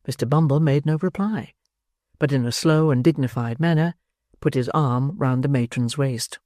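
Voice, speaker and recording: An audiobook narrator reading a classic novel in a measured, expressive storytelling manner. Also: mid-range voice, dry recording. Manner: measured, expressive storytelling with dry wry emphasis.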